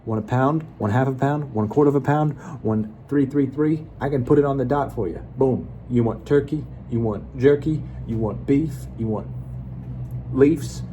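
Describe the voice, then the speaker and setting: A man voicing a brash male butcher who hawks deals on AM radio, in a put-on New York accent and loud, rapid-fire sales patter. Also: medium pitch, dull audio, slight background noise, pitched above the performer's own voice, close to an everyday voice. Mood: hawking.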